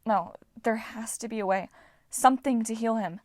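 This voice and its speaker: A woman's voice: on the high side, normal speed, no room sound, clean studio sound, natural voice. A woman reading aloud, voicing a determined teenage girl who pleads and insists. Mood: pleading.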